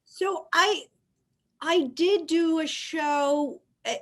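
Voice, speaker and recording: A talkative woman host from New York, pitched a little high, chatting loosely and breaking into laughter. She rambles through her points in a relaxed interview. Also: extremely slow. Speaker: podcast host. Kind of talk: casual interview chat.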